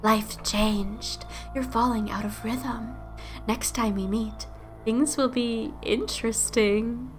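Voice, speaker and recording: A woman voicing a cryptic, ominous stranger in a video game, speaking hushed, slow and foreboding. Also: fairly high pitch, steady tone, soft background music.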